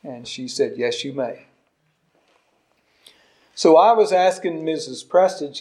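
A man in his sixties preaching a sermon, emphatic, with soft asides and loud stresses. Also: fairly high pitch, expressive, slow, long pauses. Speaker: pastor.

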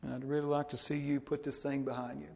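A middle-aged man preaches in a gravelly voice. He tells a story plainly and earnestly, then turns to exhort the congregation. His pitch sits in the ordinary middle range for a man. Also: flat delivery, quick pace, darkish tone. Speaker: pastor. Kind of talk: sermon.

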